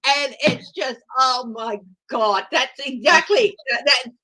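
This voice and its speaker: A woman hosting a casual chat, talking in an animated, chatty way. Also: high voice, takes it slowly, no echo, poor audio. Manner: animated, chatty, breaks into voices and laughter. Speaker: host.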